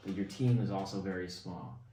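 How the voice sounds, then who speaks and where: A man hosting a podcast in a relaxed, chatty way with plenty of fillers. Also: deep voice, brisk, a little hiss or hum. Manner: laid-back, chatty, lots of fillers. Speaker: podcast host. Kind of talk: casual chat. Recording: roomy, distant mic.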